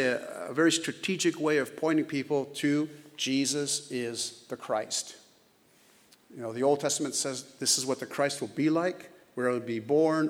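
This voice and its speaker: Preacher in a reverberant church. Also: male voice, mid-range voice. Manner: conversational storytelling with emphatic slowdowns. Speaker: pastor. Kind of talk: sermon. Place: church sanctuary. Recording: reverberant hall.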